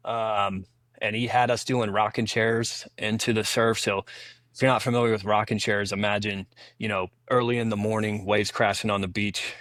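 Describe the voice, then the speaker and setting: A man's voice: on the low side, flat delivery, moderate pace, a bit bright, dry recording. A man, a former Navy SEAL, talking casually as a podcast guest, telling long anecdotes with frequent restarts. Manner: rambling anecdotal storytelling with many restarts. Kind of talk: casual storytelling interview.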